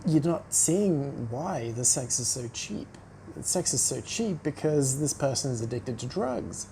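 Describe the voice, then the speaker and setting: Blunt sarcastic man with a mellow voice. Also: mid-range voice, a little hiss or hum, rough recording. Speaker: vlogger. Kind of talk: casual rant to camera.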